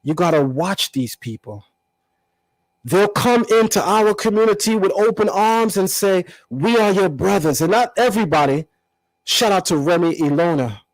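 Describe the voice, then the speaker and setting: High-voiced combative man calling someone out. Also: normal speed, no room sound, poor audio. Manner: animated, combative, emphatic repetition. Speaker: channel host. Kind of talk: confrontational commentary vlog.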